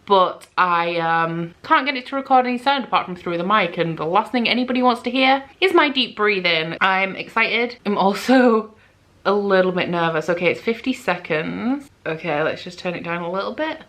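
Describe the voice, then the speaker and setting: Brief: gushing woman vlogger, medium pitch, bright and sharp, casual chat. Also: moderate pace. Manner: gushing, excitable, swears freely. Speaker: book vlogger. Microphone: own microphone.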